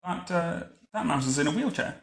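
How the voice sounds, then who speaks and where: Gravelly man reading a storybook, dry asides. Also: on the high side, animated, moderate pace, a bit bright. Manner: dry, wry commentary between story lines. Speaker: parent reading a picture book aloud. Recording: roomy echo.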